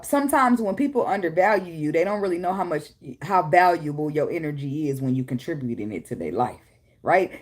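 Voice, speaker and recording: In a low, darkish, husky voice, a woman gives a casual tarot reading at home with her daughter nearby. She's blunt and swears a lot, laughing and occasionally breaking into bits of song.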